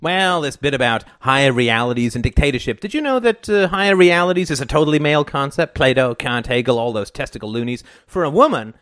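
A man voicing a brisk, bossy female department head in an audiobook. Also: mid-range voice, expressive, a bit bright, no echo, studio quality, lightly acted.

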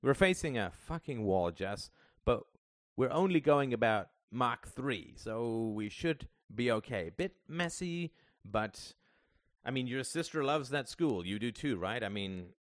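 A man's voice: medium pitch, animated, unhurried, no echo, clean studio sound, pitched above the performer's own voice, lightly acted. A man reading the part of a middle-aged father who rambles, wheedles and swears, worried about money. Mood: wheedling.

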